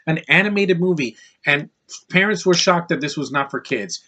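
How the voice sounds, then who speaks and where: A man's voice: fairly high pitch, expressive, normal speed, pushed and bright. A man giving a casual, rambling movie review to camera, opinionated and full of fillers and restarts. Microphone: camera mic, close to camera.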